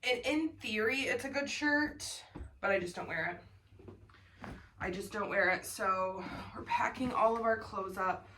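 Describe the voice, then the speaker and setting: Slow, chatty young woman vlogging. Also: medium pitch, bright, forceful tone. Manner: chatty, talks to her pet in a baby voice. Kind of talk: casual vlog chat. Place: bedroom and home office, indoors. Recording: distant mic, faint background noise.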